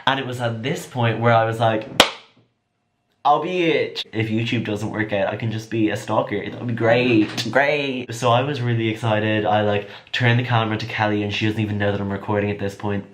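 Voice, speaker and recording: A young man telling a chatty, excitable storytime vlog. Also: on the low side, brisk, hardly any pauses, a little hiss or hum. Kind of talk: casual storytime.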